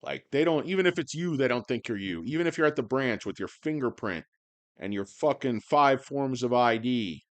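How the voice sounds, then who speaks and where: Hoarse, profane man ranting about stocks. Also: medium pitch, lively intonation, normal speed. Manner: profane, rambling, sardonic, swings into loud rants. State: hoarse, voice worn out. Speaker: stock video host. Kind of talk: rambling stock-market video monologue. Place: indoors under bright lights.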